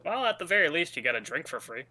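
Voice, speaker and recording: A man playing in a tabletop game, easygoing and unhurried, often laughing. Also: a little high, sing-song, bright, forceful tone, no room sound, rough recording. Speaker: player.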